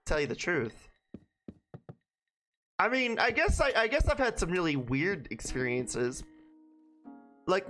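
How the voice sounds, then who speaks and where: A young adult streamer from Brooklyn, New York tells chat rambling, profane stories in a casual way, often restarting his anecdotes. The voice is mid-range and a bit bright.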